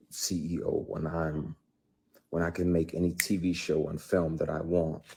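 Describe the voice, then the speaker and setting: A low, gravelly man's voice with a dark tone and a breathy edge. He's an actor on an unscripted live stream, ranting at his viewers in a heated, blunt, profane way and hammering his points home through repetition.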